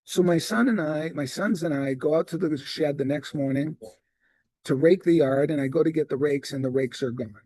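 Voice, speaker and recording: A middle-aged man who trains real estate salespeople gives a sales training talk, animatedly telling stories and acting out their dialogue. His voice is fairly high, his speed normal, and the recording dry.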